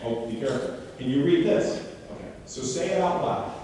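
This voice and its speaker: A man giving a live workshop demonstration to an audience and coaching a volunteer on stage in an animated, questioning way. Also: medium pitch, fairly quick, slight background noise. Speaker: seminar speaker. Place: large hall before an audience. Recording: echoey hall, mic far off.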